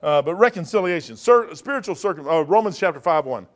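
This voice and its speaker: A man teaching a Bible study in a rambling sermon style, animated, often laughing and digressing, with sudden loud bursts. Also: fairly high pitch, a little fast.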